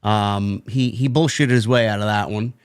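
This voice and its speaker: A man co-hosting a wrestling talk show, reading a news report aloud in a measured way with chuckled asides. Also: on the low side, steady tone, clean tone, no room sound, clean studio sound. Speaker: podcast co-host.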